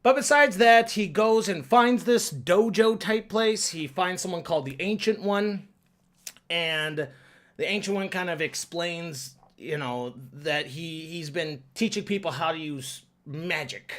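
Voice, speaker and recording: A young man giving a casual, rambling movie review, excitable and quick to swear. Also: fairly high pitch.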